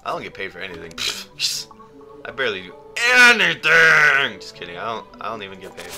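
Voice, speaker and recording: A young man rambling and joking through casual gameplay commentary, with sudden loud outbursts. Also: low-pitched, brisk, faint music behind. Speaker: gaming YouTuber.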